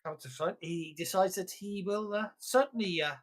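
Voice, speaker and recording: Game master, halting narration, middle pitch. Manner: rambling, halting, with laughs.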